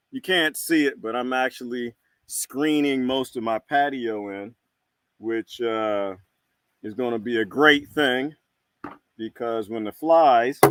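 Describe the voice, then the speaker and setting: A man hosting a casual live-stream chat from his outdoor patio, greeting viewers by name, laughing loudly and ranting. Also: mid-range voice, no room sound. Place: screened patio outdoors at sunset.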